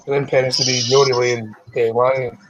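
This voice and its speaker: A Scottish man hosting a live stream, reading news stories aloud casually, stumbling over words and clearing his throat. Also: medium pitch, level tone, fairly quick, muffled recording, noisy background.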